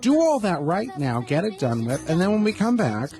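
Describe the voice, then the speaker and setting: A man's voice: high-pitched, big pitch swings, normal speed, warm tone, soft background music. A man hosting a talk radio show, rambling through campy, self-mocking asides in a studio. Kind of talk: casual talk radio chat. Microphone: studio microphone.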